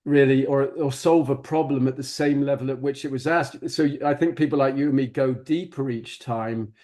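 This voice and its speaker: A male podcast host in a relaxed conversation who keeps cutting in to question his guest. His voice is an ordinary man's voice at a middle pitch. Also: normal speed. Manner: inquisitive, interjects questions.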